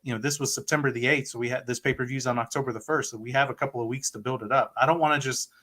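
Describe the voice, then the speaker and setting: A man co-hosts a casual wrestling podcast, speaking earnestly and haltingly. His voice is bright and forceful, at a middle pitch. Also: fairly even intonation. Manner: earnest, hesitant, many fillers and restarts. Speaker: podcast co-host.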